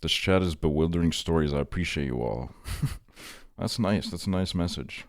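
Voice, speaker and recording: A young man with a very low voice talks casually to his stream chat, rambling through stories with plenty of swearing and "like" fillers. He answers viewer messages as he goes. The sound is dry and close, with no room echo. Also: normal speed. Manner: rambling, profane, heavy on "like" fillers.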